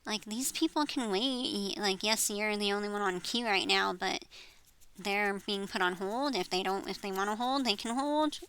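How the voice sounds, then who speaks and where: A woman's voice: mid-range voice, normal speed, fairly bright tone, clear, resonant tone, rough recording. A woman in her thirties rambling in a personal vlog, frustrated, trailing off and swearing as she vents. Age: 30s. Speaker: vlogger. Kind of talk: rambling personal venting monologue.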